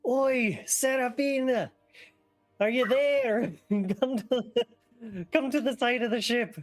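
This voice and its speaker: A tabletop player voicing an adventurer who yells loudly up to a ship. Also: medium pitch, slow pace, soft background music, voice pushed up, lightly acted. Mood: shouting. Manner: loud hailing yell. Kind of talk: tabletop role-play.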